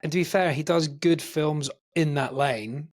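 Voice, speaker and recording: A man's voice: on the high side, measured pace. Eager man chatting about films. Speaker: podcast co-host. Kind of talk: casual film chat.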